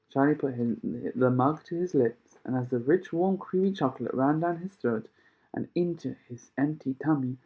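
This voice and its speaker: Man reading a children's book aloud. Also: mid-range voice. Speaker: storyteller. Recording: tinny phone-like sound.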